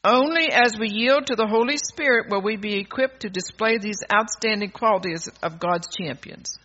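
A woman's voice: mid-range voice, moderate pace, fairly bright tone, dull audio. A woman preaching a sermon in an emphatic, scolding way, calling out to her congregation.

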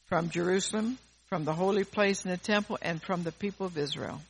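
A woman's voice: lowish voice, fairly quick, hardly any pauses, breathy edge. A woman preacher delivering a fervent sermon, repeating words and phrases for emphasis.

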